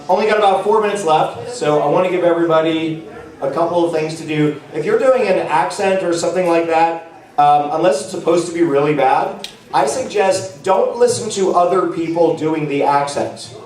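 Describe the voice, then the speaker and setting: A man's voice: fairly high pitch, a little mellow. A man giving a casual, rambling talk to a live audience at a convention panel, full of fillers and restarts. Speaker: panel presenter. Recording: echoey room, mic far off.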